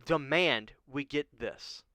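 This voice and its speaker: A man's voice: mid-range voice, takes it slowly, pushed and bright, no room sound. A man hosting a horror vlog, giving an emotional, pleading rant and often asking "okay?". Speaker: horror channel host. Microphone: studio microphone.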